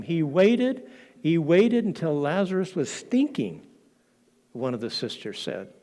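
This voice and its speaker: A male preacher in a church, telling the story with drama and slipping into the voices of the people in it. His voice sits on the higher side and swings widely in pitch. He takes his time, pausing between phrases. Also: mellow. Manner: dramatic, acts out quoted lines. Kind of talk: sermon storytelling.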